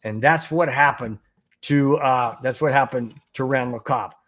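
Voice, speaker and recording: A man's voice: mid-range voice, measured pace, a bit bright. A middle-aged man hosting a sports podcast, talking casually with many repeats and restarts while greeting viewers in the chat. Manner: rambling, repeats words, reads chat aloud. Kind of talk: casual live-stream talk.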